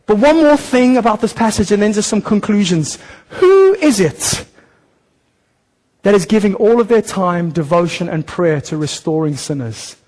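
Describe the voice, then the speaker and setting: In a church hall, a male pastor preaches a sermon in a high, lively voice, speaking fairly quickly with few pauses. He's animated and direct, slipping into brief acted-out voices to make his points, and the low-quality recording carries big-room sound.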